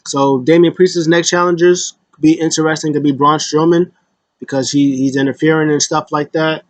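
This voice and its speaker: A man rambling through a casual recap of wrestling events, with frequent fillers and quick impressions of the wrestlers. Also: a little high, steady tone, no echo.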